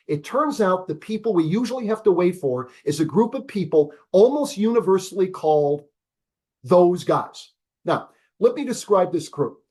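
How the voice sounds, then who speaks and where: An energetic man in his seventies with a notably high voice teaches over a video call. He stresses key words, repeats them, and poses rhetorical questions to his listeners in a professor's lecturing style. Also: normal speed, husky. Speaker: business school professor.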